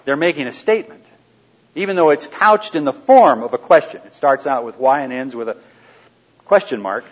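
A man talks to a live audience in a middle-pitched, conversational voice, asking questions and slipping into quiet asides. The recording is dull and lo-fi. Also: expressive, moderate pace. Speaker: seminar speaker. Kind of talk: anecdotal teaching to a live audience.

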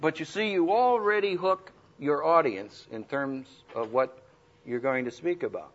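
A man giving a humorous, lively talk to students on how to preach, acting out the voices he quotes. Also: fairly high pitch, unhurried, slight background noise. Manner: animated, humorous, acts out quoted voices loudly. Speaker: preacher teaching speaking skills. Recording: dull lo-fi recording.

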